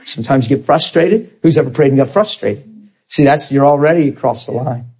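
Husky preacher telling a story. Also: male voice, medium pitch, brisk. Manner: animated storyteller acting out dialogue. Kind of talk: sermon with storytelling.

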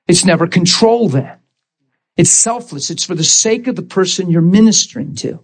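A man with a notably high voice preaches with dramatic intensity. He retells a story in vivid bursts, leaning hard on key words. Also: animated, moderate pace, husky. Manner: emphatic, dramatic retelling with sudden loud bursts. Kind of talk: sermon storytelling.

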